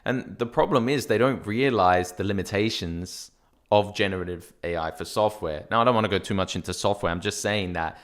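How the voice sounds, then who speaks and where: An Australian man with a fairly low voice co-hosts a casual podcast chat. He talks in an animated way, tells stories and laughs often. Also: brisk. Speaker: podcast co-host, software company founder.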